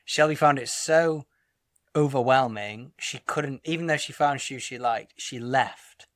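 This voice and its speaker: A man co-hosting a casual podcast chat, blunt and exasperated as he tells his stories, cursing now and then. His voice sits at an everyday middle pitch. The recording is dry and close, with no room sound. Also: unhurried, a bit bright, no room sound. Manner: blunt, exasperated storytelling with swearing. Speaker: podcast co-host.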